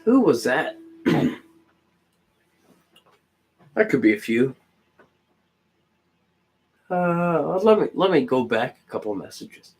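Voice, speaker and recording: Streamer, male, slow unhurried delivery, rambling profane rants at chat. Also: on the high side, expressive, darkish tone, husky. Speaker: livestreamer. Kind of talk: casual livestream chat.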